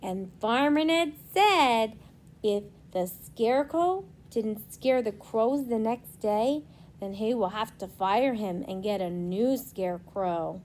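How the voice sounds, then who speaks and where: A young woman, a preschool teacher, reading a storybook aloud to children and gently asking them questions. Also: on the high side, expressive, slow, a little hiss or hum.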